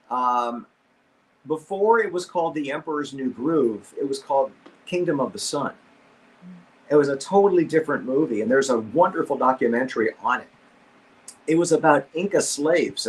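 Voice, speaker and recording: Middle-aged male voice actor, guest on a video call, middle pitch, lively storyteller who acts out every quote. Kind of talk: casual anecdote on a video call.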